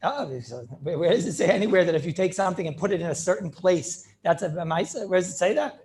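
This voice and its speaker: A man's voice: high-pitched, expressive, fast, darkish tone. A middle-aged man teaching an informal Talmud class, talking in a conversational, repetitive way and dropping in Hebrew and Yiddish terms. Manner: conversational, repeats himself, peppers speech with Hebrew and Yiddish terms. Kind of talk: informal yeshiva shiur with student questions.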